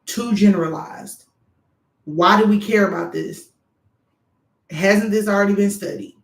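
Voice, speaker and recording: Animated frank woman in echoey room. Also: medium pitch, unhurried, creaky. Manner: animated, frank, talks straight to viewers. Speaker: doctoral student vlogger. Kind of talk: candid advice monologue.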